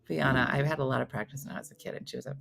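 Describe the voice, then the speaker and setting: A woman's voice: very deep voice, racing, creaky, noisy background. A middle-aged woman hosting a casual morning chat show, telling family stories and acting out the voices in them. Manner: animated, acts out voices in her stories. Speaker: morning show host reading viewer comments.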